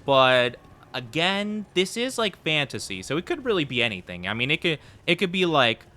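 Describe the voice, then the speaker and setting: A VTuber streamer plays a video game and chats playfully with his viewers, laughing often as he gives casual commentary. His fairly high voice is sing-song, bright and forceful, at a normal pace.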